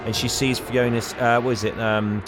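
A man's voice: medium pitch, flat delivery, moderate pace, over music. A man co-hosting a podcast, animatedly recapping a film and acting out its characters. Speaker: podcast co-host.

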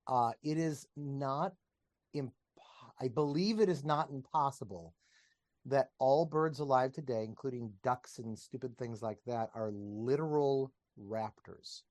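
A man's voice: mid-range voice, measured pace, a little mellow, dry recording, clean studio sound. A man, a podcast guest and teacher, explaining ideas in casual conversation with enthusiasm, wandering off on tangents and laughing as he talks, recorded over a video call.

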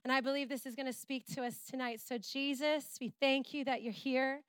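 A middle-aged woman preaching a sermon in church, retelling a story with playful asides and animated energy. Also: high-pitched, fairly quick, smooth, dry recording. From Canada.

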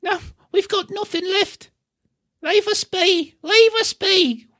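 A man's voice: takes it slowly, pushed and bright, full character voice. A man voicing a frantic, pleading male hobbit merchant who has just been robbed. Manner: pleading, flustered, high squeaky voice.

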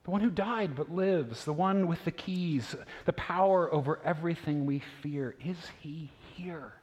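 Male pastor, 30s-40s, high voice; casual, story-driven sermon full of questions; recorded in a big reverberant sanctuary. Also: moderate pace, lo-fi sound. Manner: conversational storytelling with rhetorical questions. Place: church sanctuary. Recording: long reverb of a large church hall.

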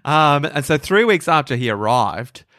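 A man's voice: fairly high pitch, normal speed, no room sound, studio quality. Jokey man telling a story. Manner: animated, jokey, with frequent fillers and playful voices. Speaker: podcast co-host retelling history. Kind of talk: casual storytelling chat.

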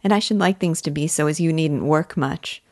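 A woman voicing a gentle, loving young village woman in a classic novel read aloud, speaking softly and earnestly. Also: low-pitched, moderate pace, no echo, studio quality, natural voice. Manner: soft, earnest and affectionate.

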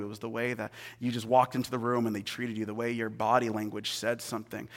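A young man preaching to his church in a loose, chatty way. He drops to near-murmurs when making a point, then jumps into excited storytelling. His pitch sits in the middle for a man. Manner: conversational and animated, shifting between hushed and excited. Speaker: pastor. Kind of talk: sermon.

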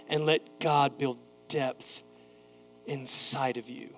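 A man's voice: mid-range voice, steady tone, slow, fairly bright tone, soft background music. A man preaching a sermon as pastor, building to emphatic repeated phrases and telling a neighbor's story in a casual voice. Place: church sanctuary.

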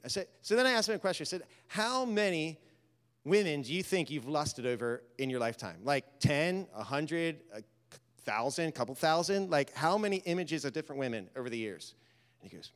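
A man with a fairly high voice preaches a sermon in a large reverberant hall. He moves from quiet storytelling to loud, animated exhortation. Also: a little fast.

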